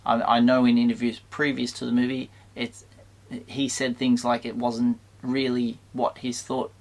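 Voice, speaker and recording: A man hosting his own channel, giving a casual, conflicted film review to the camera with many halting restarts. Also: medium pitch, gravelly. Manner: mildly exasperated, conflicted.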